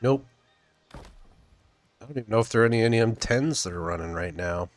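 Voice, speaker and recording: A man's voice: fairly low pitch, fairly quick, no room sound. A man casually commenting on his own gameplay, thinking aloud as he plays. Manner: relaxed, thinking aloud while playing. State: chewing food. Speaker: game streamer.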